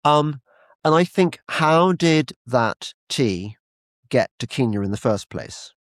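A man's voice: mid-range voice, animated, slow, no room sound, studio quality. A British man hosting a podcast, chatting casually and rambling, often stumbling and repeating his words. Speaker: podcast host. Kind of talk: casual conversation.

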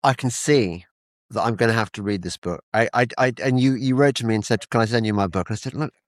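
A man's voice: lowish voice, quick pace, no echo. An older man hosting an interview in casual chat, often repeating words as he stammers and chuckles.

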